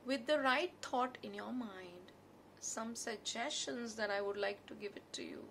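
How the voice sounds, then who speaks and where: A woman with an Indian English accent gives calm, gently reassuring advice as a therapist, now and then slipping into Hindi. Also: fairly high pitch, a little slow, slight background noise. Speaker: NLP therapist. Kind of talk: spoken advice talk.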